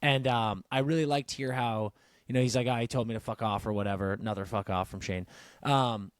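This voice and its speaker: Animated, swearing podcast host with a dry sound. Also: male voice, medium pitch, fairly quick, no echo. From Canada. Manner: animated, swears freely, retells scenes. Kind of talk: casual chat.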